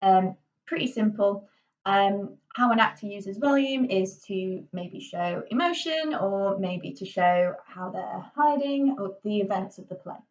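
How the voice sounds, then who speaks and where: A woman's voice: medium pitch, animated, a little slow. A young adult woman teaching drama in a chatty classroom tutorial, full of fillers and "okay"s. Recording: dull, slightly distant lo-fi recording.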